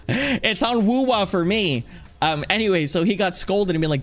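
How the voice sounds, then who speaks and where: A man chatting casually on a livestream, rambling playfully, reading chat aloud and now and then breaking into loud, excited shouts. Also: fairly high pitch, measured pace. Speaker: streamer. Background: faint background music.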